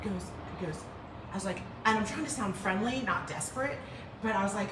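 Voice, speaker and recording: Woman, livestream host, casual chatty storytelling, self-deprecating, echoey room, loud train noise. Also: medium pitch, brisk, distant mic. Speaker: furniture painting livestream host. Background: loud passing train.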